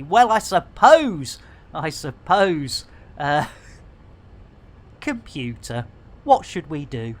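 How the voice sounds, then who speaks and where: A man's voice: a little high, sing-song, very slow, pauses often. A British man gives jokey, rambling commentary on a game stream into a desk mic. His voice bounces up and down constantly. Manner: jokey, rambling, innuendo-laden. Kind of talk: comedic live gameplay commentary.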